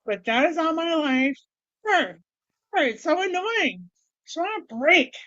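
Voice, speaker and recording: A woman's voice: very high-pitched, sing-song, unhurried, pushed and bright, dry recording. A middle-aged woman vlogging in a candid, rambling way, with wry self-deprecating humor. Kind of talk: casual personal vlog. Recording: dull, dry sound.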